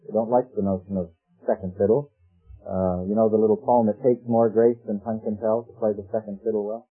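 A man delivers a sermon in an easy, conversational manner, quoting scripture and asking rhetorical questions. His voice is husky and sits at an ordinary pitch. It comes through a tinny, phone-like radio broadcast with faint music behind. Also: flat delivery, a little fast. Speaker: preacher.

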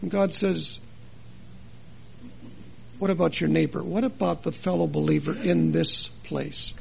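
A man preaching a sermon in a chapel, earnest and full of rhetorical questions, his loudness rising and falling for emphasis. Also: a little high, steady tone, measured pace, gravelly, slight background noise.

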